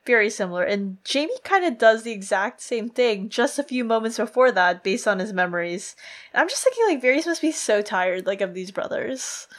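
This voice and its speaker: A woman's voice: on the high side, big pitch swings, normal speed. A woman co-hosting a podcast, talking casually and playfully about a book series with many fillers. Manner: chatty, lots of "like", playful. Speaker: podcast co-host.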